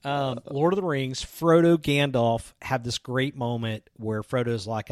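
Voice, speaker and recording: A man's voice: mid-range voice, fairly even intonation, a little slow, hardly any pauses, no room sound, studio quality. A man co-hosting a youth ministry podcast, bantering playfully in a casual chat.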